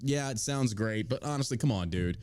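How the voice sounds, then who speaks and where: A man's voice: mid-range voice, animated, fairly quick, a little mellow. A man hosting a crude comedy podcast, swearing often, mocking the news and dropping into silly put-on voices. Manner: profane, mocking, slips into put-on accents for jokes. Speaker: podcast host.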